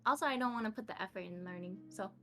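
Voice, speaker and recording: Faint music plays behind a young woman from the United States who talks very fast in a bright, forceful, mid-range voice. As a podcast guest in a casual interview, she chats about her life, giggling, laughing often, and making fun of herself.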